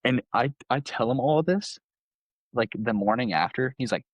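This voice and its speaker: A man's voice: mid-range voice, animated, normal speed, dry recording. A young man, a podcast guest, telling a story casually, full of "like" and acted-out quotes. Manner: laid-back, lots of "like", acts out quotes. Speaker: podcast guest, college baseball player.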